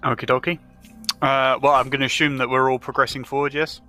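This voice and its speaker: A man's voice: medium pitch, level tone, quick pace, bright, forceful tone. A man playing in an online tabletop game, hesitant and polite in casual chat. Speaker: player.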